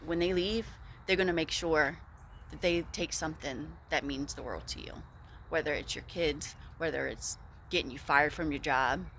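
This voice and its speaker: A woman's voice: sits low, normal speed, a bit bright, slight background noise. A woman talking straight to camera in a casual advice vlog, blunt and emphatic, repeating points for emphasis. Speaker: vlogger.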